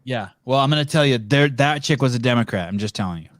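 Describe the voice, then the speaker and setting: A man's voice: medium pitch, expressive, fast talker, no echo, clean studio sound. A man hosting a podcast, chatting casually in a blunt, profane, teasing way. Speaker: podcast host. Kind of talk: casual chat.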